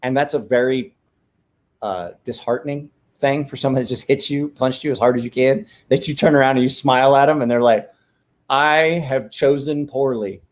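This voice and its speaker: A man's voice: mid-range voice, steady tone, brisk, a little mellow. Rambling, profane man telling stories. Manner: rambling, profane, self-correcting. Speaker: livestream host. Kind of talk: casual storytelling chat. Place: at home, drinking beer.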